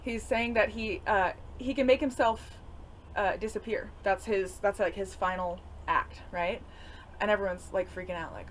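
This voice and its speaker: A woman's voice: mid-range voice, steady tone, moderate pace, a little hiss or hum. A young adult woman teacher giving a casual, rambling class update full of fillers. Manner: chatty, rambling with many fillers.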